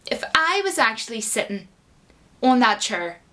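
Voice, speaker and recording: A woman's voice: a little high, sing-song, unhurried, sharp tone. A woman giving a casual, indignant and sarcastic rant as a commentator, full of fillers. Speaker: YouTube commentator.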